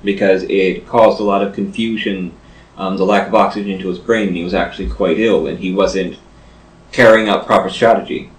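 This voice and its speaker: A man with a fairly low voice hosts a casual interview in a shop, talking in a rambling, digressive way. He sits back from the mic, and the room around him sounds echoey. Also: fairly even intonation, a little fast, recorded from a distance. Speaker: host. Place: shop, indoors. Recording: roomy, off-mic.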